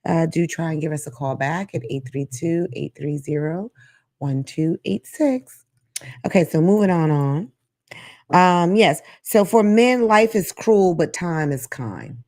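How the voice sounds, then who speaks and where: Host, woman, low voice, blunt and playful. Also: unhurried. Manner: frank, sassy, animated, laughs at own jokes. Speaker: talk show host. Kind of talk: live call-in show monologue.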